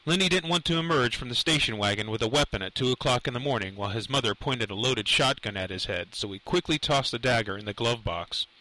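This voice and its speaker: A man narrating a dark novel aloud, in a measured, dramatic storytelling manner. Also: medium pitch, animated, poor audio. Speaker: audiobook narrator. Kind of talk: scripted narration.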